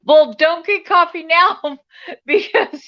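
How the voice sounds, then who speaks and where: A woman's voice: very high voice, slow. A woman chatting casually and teasing her friend, laughing often. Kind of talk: casual chat. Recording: dull lo-fi stream audio.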